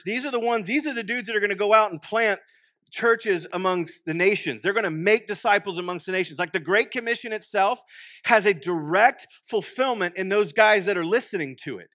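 Young texan guy preaching, jokey, goes loud then hushed, dry close sound. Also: high-pitched, dry recording. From Texas. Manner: animated and joking, swinging between loud and hushed. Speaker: pastor. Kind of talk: sermon. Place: church.

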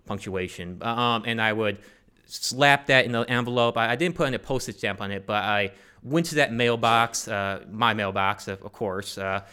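A man's voice: fairly low pitch, normal speed, bright, forceful tone, clean tone. A man telling a personal story to a live audience, rambling and joking with many fillers and restarts. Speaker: storyteller on stage.

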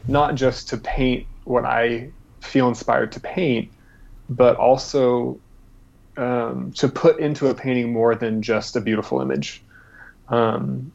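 Male interview guest, gravelly, halting storyteller, slightly muffled audio. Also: mid-range voice, fairly even intonation, a little mellow. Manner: halting, many fillers and restarts. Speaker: guest artist.

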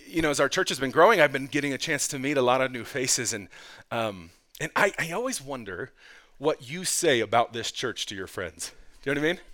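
A man in his thirties preaching a sermon as pastor, swinging from loud, impassioned lines to quiet, conversational asides. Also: mid-range voice, animated, fairly quick.

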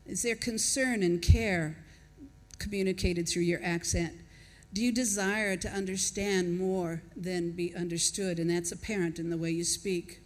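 A woman preaches to her congregation in an easy, conversational way. She thinks aloud and puts questions to the listeners as she goes. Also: lowish voice. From not from Australia, lives there. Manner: conversational, reflective, chuckles between points. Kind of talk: sermon.

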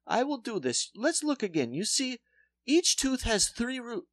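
A man voicing a salesy middle-aged male dentist with a put-on Polish accent and broken English, pitching a procedure slowly and insistently. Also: very animated, no echo, full character voice.

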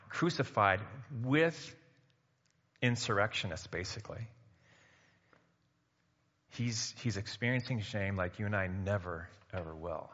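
Male preacher, conversational sermon with loud emphatic bursts; dull recording in an echoing hall. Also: lowish voice, breathy edge. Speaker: pastor. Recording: muffled sound in a reverberant hall.

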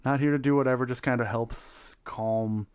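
A man's voice: medium pitch, fairly even intonation, moderate pace, a little mellow, clear, resonant tone, no room sound. A man running a tabletop game, chatting casually and animatedly, laughing often and swearing freely. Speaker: game master.

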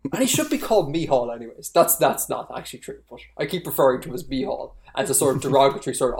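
A podcast co-host chatting casually, ranting with animation and rising pitch when worked up. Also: expressive, fast talker, a little mellow.

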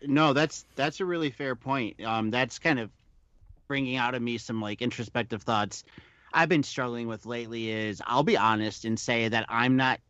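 A man in a casual podcast chat, speaking in a thoughtful, measured way. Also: medium pitch, a bit bright, clear, resonant tone, no room sound, dull audio. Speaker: podcast co-host. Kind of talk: casual movie discussion.

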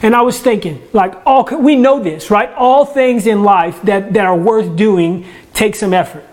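With faint music in the background, a man in a high voice speaks a little slowly. He's a church ministry leader giving a casual sermon at home, conversational in tone, often restarting words and making self-deprecating cracks.

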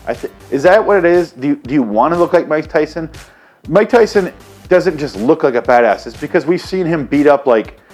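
Man, from Michigan, comedy channel host, profane, sarcastic, rambling rant, medium pitch. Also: a little mellow.

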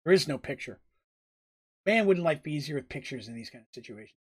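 Male game master, casual rambling narration, slightly high voice. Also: animated, a little fast, slightly rough. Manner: casual, rambling, self-correcting.

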